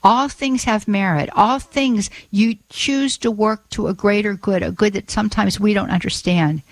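A woman's voice: mid-range voice, moderate pace, no echo, poor audio. Woman radio host, earnest prayer voice, repeats herself, dry close sound. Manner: earnest, repeats phrases and restarts. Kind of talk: spoken prayer and call-in talk.

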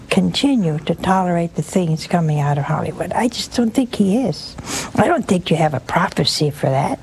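A woman's voice: fairly low pitch, a little mellow, poor audio. An older woman hosts a religious call-in show in a motherly, reassuring way. She calls her callers honey and sweetheart while she counsels them. A faint hiss sits under her voice. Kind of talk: gentle spiritual counsel to callers.

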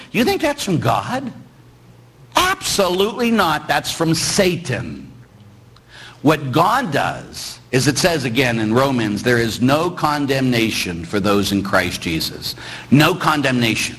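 A man's voice: medium pitch, very animated, measured pace, fairly bright tone, husky, rough recording. A man, a middle-aged Catholic priest, preaching a sermon with jokes, rhetorical questions and acted-out quotes.

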